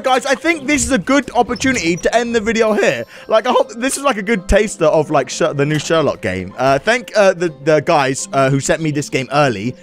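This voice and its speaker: A man doing excitable let's-play commentary on a video game, laughing and exclaiming often. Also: high voice, a little fast, few pauses. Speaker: gaming YouTuber. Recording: game music behind voice. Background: game music.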